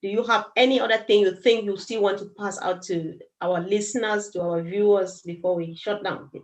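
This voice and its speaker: A woman's voice: medium pitch, fairly even intonation, moderate pace, low-quality recording. Chatty woman hosting a live chat. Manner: affirming, chatty, giggles between thoughts. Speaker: host.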